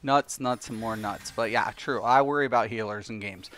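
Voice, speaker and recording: A man with a lowish, slightly bright voice hosts his own gaming channel at a moderate pace. Sounding a little tired, he rambles in a casual, exasperated rant, swearing along the way.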